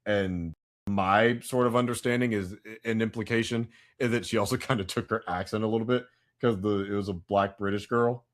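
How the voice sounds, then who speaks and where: A man co-hosting a casual pop-culture podcast, chatty and prone to loud bursts of hype. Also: fairly low pitch, steady tone, moderate pace. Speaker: podcast co-host.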